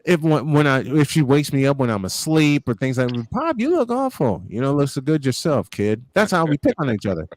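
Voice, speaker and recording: On a podcast hangout, a male panelist tells family stories in casual chat, animatedly acting out the quotes. His medium-pitched voice runs a little fast with hardly any pauses.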